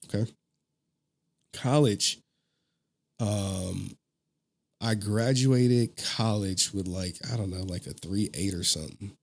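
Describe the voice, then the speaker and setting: A man's voice: fairly low pitch, slow pace, gravelly, long pauses. Laughing, slangy man hosting commentary. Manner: animated, swears, laughs often, slangy. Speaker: online commentary host. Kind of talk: casual commentary.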